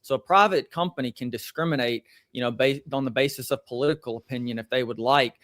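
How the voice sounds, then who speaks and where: A man with a Southern accent, an attorney calmly explaining legal points as a guest on a video call podcast. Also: mid-range voice, no room sound. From Tennessee, USA. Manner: measured explaining with frequent "you know" and "uh". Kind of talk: legal commentary in a podcast interview.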